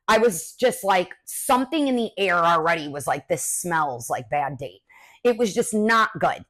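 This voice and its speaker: Young woman, podcast host, casual storytelling, chatty, animated, filler-heavy. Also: on the low side.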